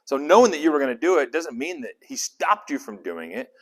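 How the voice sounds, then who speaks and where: Animated male Bible study teacher. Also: on the high side, fairly quick. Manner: animated, conversational, asks the group questions.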